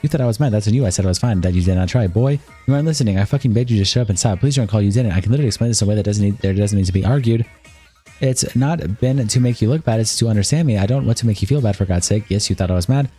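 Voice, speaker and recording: Rapid-fire husky male streamer. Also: lowish voice, warm tone, soft background music. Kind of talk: reading out a long text argument on a livestream.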